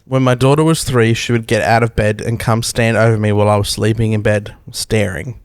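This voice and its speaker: A man's voice: lowish voice, fairly even intonation, brisk, clean tone, no echo. A man co-hosting a casual parenting podcast, with a dry, laid-back and teasing way of talking. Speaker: podcast co-host.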